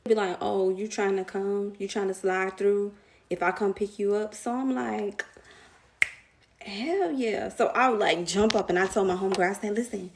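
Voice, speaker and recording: A woman's voice: medium pitch, normal speed, vocal fry, a little hiss or hum. A young woman telling a casual storytime to her viewers, slangy and chatty, laughing often.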